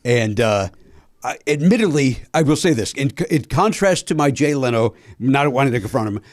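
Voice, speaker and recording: The podcast host here has a mid-range voice and a moderate pace, captured in a dry, studio-quality recording. Chatting casually, he tells a story with animation, acting out the dialogue and cursing as he goes.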